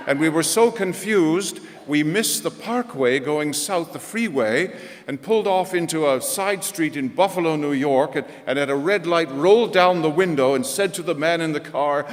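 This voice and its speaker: A man's voice: on the high side, normal speed. A male pastor preaching a sermon, telling stories with self-deprecating humor. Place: large church. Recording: echoey church hall.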